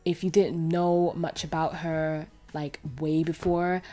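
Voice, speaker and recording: A young woman casually reviewing a cartoon episode, chatty and animated, full of fillers and restarts. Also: deep voice, slow pace.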